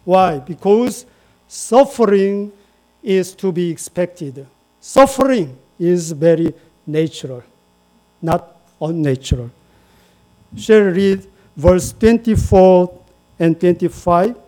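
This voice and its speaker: A man's voice: sits high, lively intonation, slow pace, long pauses, mellow. A man preaching a sermon in English, repeating phrases and inviting the congregation to say lines with him. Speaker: pastor.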